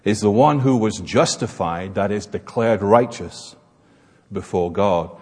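A man's voice: lowish voice, unhurried, a little mellow, husky. A man preaching a sermon in an emphatic, explanatory manner, recorded in an echoey hall. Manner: emphatic, expository.

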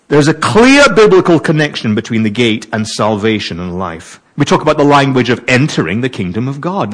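A man preaching a sermon, reading verses and wondering aloud over their meaning. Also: medium pitch. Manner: animated, wondering aloud, mixes reading with asides.

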